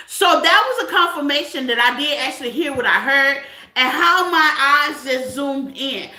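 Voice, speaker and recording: Bright, high-voiced woman tarot reader. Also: expressive, a little slow, roomy sound, low-quality recording. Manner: conversational, chatty, repeats "okay?" often. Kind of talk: spiritual tarot reading.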